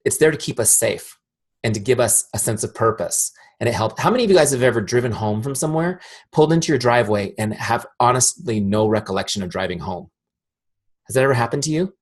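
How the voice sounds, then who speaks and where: Man, husky voice, direct and energetic trainer, quizzes the audience. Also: medium pitch, fast. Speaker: sales trainer. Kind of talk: live training talk.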